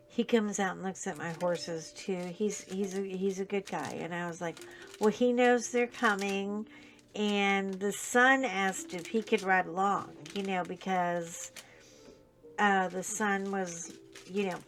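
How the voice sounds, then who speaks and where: A woman chatting casually while she crafts, telling a long story in a rambling, animated way, full of fillers and restarts. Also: mid-range voice. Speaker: crafting channel host.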